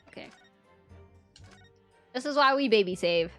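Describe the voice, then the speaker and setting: A woman streamer chatting casually while playing, playful and self-mocking, with loud exclamations. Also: a little high, big pitch swings, fairly quick, soft background music.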